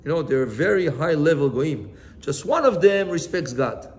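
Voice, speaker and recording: A man teaching as a rabbi in a relaxed, chatty way, telling stories and asking his listeners questions. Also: fairly high pitch, moderate pace. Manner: chatty, asks the listeners questions, mixes in Hebrew phrases. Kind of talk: informal Torah lesson with storytelling.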